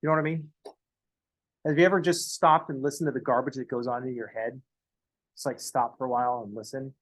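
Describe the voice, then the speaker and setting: A man's voice: mid-range voice, fairly even intonation, fairly quick, rough recording. A man teaching a math class, lecturing casually and going off on joking, rambling asides to his students in a classroom. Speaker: math professor.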